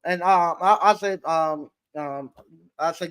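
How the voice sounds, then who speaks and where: A man, an appliance repair business owner, telling stories in a casual interview with a halting, rambling delivery full of restarts. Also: fairly high pitch, fairly bright tone, clean tone.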